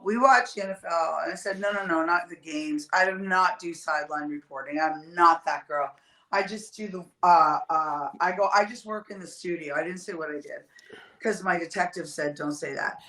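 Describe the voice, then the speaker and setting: A woman from Canada tells a personal story in a loose, chatty way and swears now and then. Her voice has medium pitch for a woman. An echoey room surrounds her voice. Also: fairly bright tone. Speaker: TV host guest. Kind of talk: casual livestream chat.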